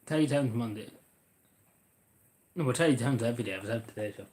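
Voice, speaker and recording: A man's voice: medium pitch, fast talker, darkish tone. Rambling man live-streaming. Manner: rambling, sarcastic, jokey asides. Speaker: livestream host. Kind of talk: casual livestream chat.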